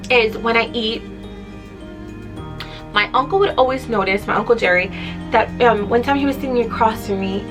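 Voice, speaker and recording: A young adult woman telling a personal story in a casual vlog, chatty and emotional at times. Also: mid-range voice. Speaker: vlogger.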